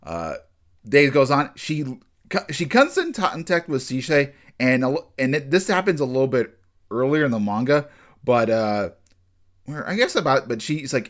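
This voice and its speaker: A man's voice: mid-range voice, wildly swooping pitch, fairly bright tone. A man casually reviewing an anime episode. He rambles, restarts his sentences often and jumps in and out of characters' lines. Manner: rambling, with frequent restarts and fillers; acts out characters' lines in quick bursts.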